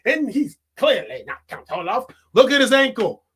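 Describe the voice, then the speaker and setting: A man's voice: extremely high pitch, big pitch swings, moderate pace, fairly bright tone, slightly rough, heavily acted. A man putting on a fussy, dismissive Mr. Poe. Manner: dismissive, scolding. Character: fussy clueless male guardian banker.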